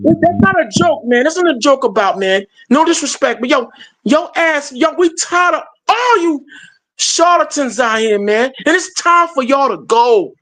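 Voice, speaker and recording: A man's voice: extremely high pitch, lively intonation, normal speed, a bit bright. A man hosting a heated live stream show, fired up and calling people out by name.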